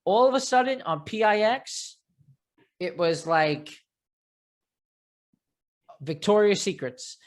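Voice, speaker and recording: A man with a thick Long Island New York accent hosting a casual interview, telling stories in a rambling, animated way. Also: high voice, slow pace, pauses often. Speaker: podcast host.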